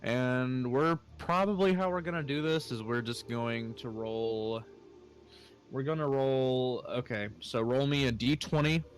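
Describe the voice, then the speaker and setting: A man's voice: mid-range voice, a little slow, soft background music. A man narrating as game master, easygoing and full of fillers.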